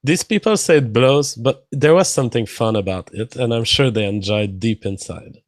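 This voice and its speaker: A man with a French accent co-hosts a casual stream, speaking at a mid pitch. He is earnest, stumbles on the first words of his sentences and laughs at himself. His voice sounds close and dry. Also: normal speed, no echo. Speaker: co-host. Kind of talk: casual livestream chat.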